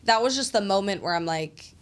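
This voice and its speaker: A young woman hosting a casual podcast, telling a long personal story in a lively, rambling way. Her pitch swings up and down as she talks, with a lot of "like" filler and blunt swearing. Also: brisk, clean tone. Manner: animated storytelling, heavy "like" fillers, frequent swearing. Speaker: podcast host.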